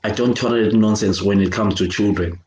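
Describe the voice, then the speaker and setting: A man's voice: fairly low pitch, steady tone, fairly quick, darkish tone. Angry Zimbabwean man in an echoey room. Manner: angry, emphatic, repetitive, switching between English and Shona. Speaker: children's worker speaking out. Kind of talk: impassioned video rant.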